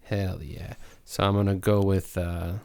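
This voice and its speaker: A man with a very deep, smooth voice talks in a laid-back way on a casual podcast. He mumbles filler words as he thinks. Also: level tone, a little slow, darkish tone. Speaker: podcast co-host. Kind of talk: casual chat.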